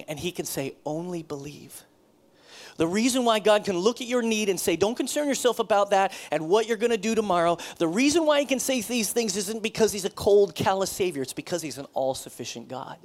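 Animated man preaching a sermon. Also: sits high. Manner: conversational, animated preaching with repetitions. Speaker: pastor.

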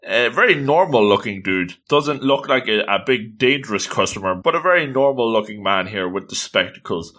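A man recapping an episode in a casual, excitable way, exclaiming often. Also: medium pitch, normal speed, hardly any pauses. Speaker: anime recap host.

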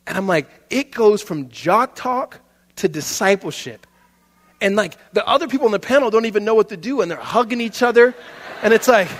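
A male pastor delivers a conversational sermon, his voice a little higher than most men's. He swings from loud bursts to hushed asides and laughs often. The sound carries a long reverb from a big hall. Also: animated, brisk.

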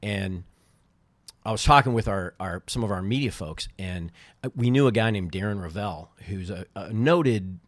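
Middle-aged man as podcast guest, a lively raconteur with a lowish voice recorded close and dry. He slips into the voices of the people in his stories and laughs easily. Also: moderate pace, no echo. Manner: animated storyteller, acts out quoted people, laughs often. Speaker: podcast guest, former baseball team co-owner. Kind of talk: casual storytelling chat.

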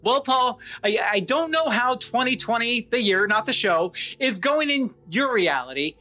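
A man as a fussy, nerdy writer in a comedy audio play, fretting and defending himself. His voice is high and bright and bounces all over. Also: animated, moderate pace, full character voice.

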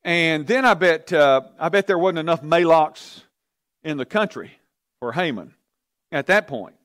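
A man's voice: fairly high pitch, expressive, measured pace, a bit bright, no room sound, clean studio sound. A man teaching a Bible study, telling the story with energy and asking his class questions.

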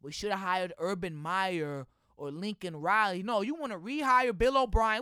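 Young Texan man, high bright voice, loud animated sports-podcast rants, dry close mic. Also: normal speed, smooth, no echo. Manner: loud, animated ranting with laughter. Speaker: podcast host. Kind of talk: casual sports podcast chat. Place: indoor room with friends.

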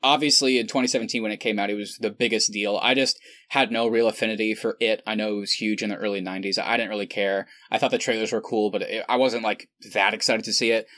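A man's voice: fairly low pitch, steady tone, fast talker, few pauses, fairly bright tone, dry recording. A man co-hosting a podcast, chatting casually and enthusiastically, rambling with frequent laughs. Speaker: podcast co-host. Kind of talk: casual chat.

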